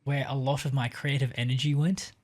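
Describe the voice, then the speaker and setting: On a casual podcast, a male co-host pitches a story briskly, his pitch barely moving. He fills it with hesitant fillers and laughs easily.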